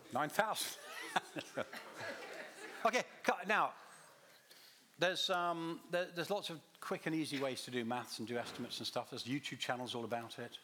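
A man's voice: mid-range voice, normal speed, long pauses, sharp tone. A man giving a teaching talk to a congregation, quizzing the listeners and restarting his phrases as he goes. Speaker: visiting Bible teacher.

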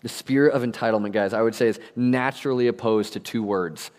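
Young man, pastor, sermon, animated storytelling, casual slang, reverberant church hall. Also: mid-range voice, a little fast. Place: church sanctuary.

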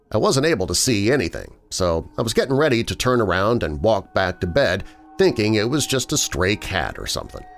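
A man hosting a podcast, reading a scripted horror story in a dramatic, expressive manner. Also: fairly low pitch. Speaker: podcast host and narrator. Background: faint background music.

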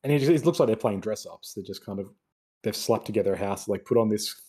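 A man's voice: lowish voice, quick pace, a little mellow, husky. A young man ranting sarcastically in a casual film review chat. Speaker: podcast co-host.

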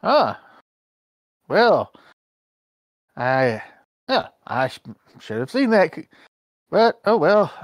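A player voices a character in a tabletop game with wry, unhurried delivery. The speech is slow and the pitch swings widely, recorded dry and close. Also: big pitch swings, no echo.

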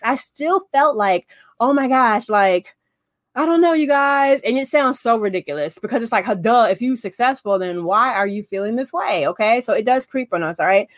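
A woman coaching in a casual, chatty way, often checking in with "okay?" and acting out quotes in animated voices. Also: on the high side, no echo, clean studio sound. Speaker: business coach. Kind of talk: casual talk to camera.

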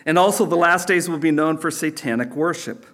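A man's voice: on the high side, fairly quick, fairly bright tone. Man preaching a conversational sermon. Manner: conversational teaching with sarcastic asides and chuckles. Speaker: pastor.

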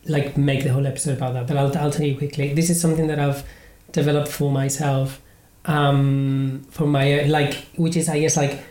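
A man's voice: fairly high pitch, level tone, moderate pace, darkish tone. Brief: Spanish-accented male podcast host, rambling and casual, non-native English, roomy echo. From Spain. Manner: rambling, many fillers and restarts. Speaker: podcast host and improv comedian.

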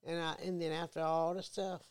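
A middle-aged woman, the host's mother, talking calmly and plainly as a podcast guest. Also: lowish voice, a little fast, smooth. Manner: calm, plain-spoken, with brief affirmations. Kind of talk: casual chat.

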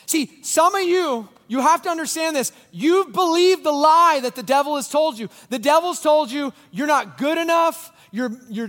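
A man preaching a sermon as pastor, telling a story with lively swings from loud bursts to quiet, intense moments. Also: extremely high pitch, big-room sound.

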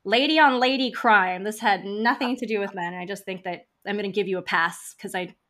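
A woman guest on a podcast, telling stories in a chatty, animated way with frequent "like" fillers. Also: mid-range voice, fairly quick. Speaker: podcast guest, funeral home founder. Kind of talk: casual interview storytelling.

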